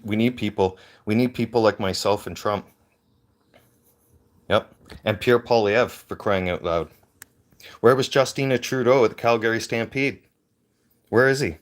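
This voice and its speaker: A man's voice: fairly low pitch, measured pace, long pauses. A man ranting in a heated, profane way into a handheld phone on a livestream. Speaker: veteran livestreamer. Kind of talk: angry livestream rant.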